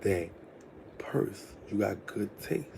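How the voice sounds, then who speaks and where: A man mimicking a slow-talking, smooth young man in a low, soft voice. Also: expressive, noisy background, full character voice.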